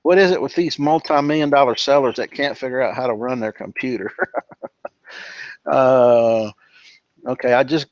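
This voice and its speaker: A man's voice: mid-range voice, no echo, muffled recording. Chummy man casually greeting viewers online. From from California. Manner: relaxed and chummy, calls people brother and dude. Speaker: webinar host. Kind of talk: casual live-stream chat reading out viewer greetings.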